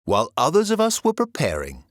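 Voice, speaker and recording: A graceful, refined mother cat in a storybook, voiced by a man reading aloud. Her soft, gentle speech rises and falls widely, recorded close and dry. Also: mid-range voice, huge pitch swings, a little fast, no room sound. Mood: tender.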